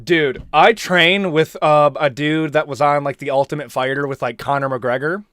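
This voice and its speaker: A young man hosting a live stream, chatting in an animated, slangy, rambling way. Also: a little high, moderate pace, no echo, studio quality. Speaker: host. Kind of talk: casual live-stream chat.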